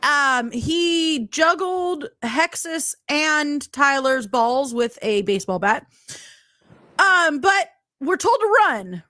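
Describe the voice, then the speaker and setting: A woman's voice: sits high, lively intonation, slow, sharp tone, no echo, studio quality. A woman hosting a podcast, joking crudely and giggling in casual chat. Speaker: host.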